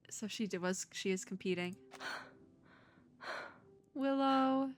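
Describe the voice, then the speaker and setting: A woman's voice: medium pitch, slow. A woman hosting a let's play, reading game text aloud and reacting with emotional, tearful, laughing, rambling commentary. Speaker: VTuber let's play host.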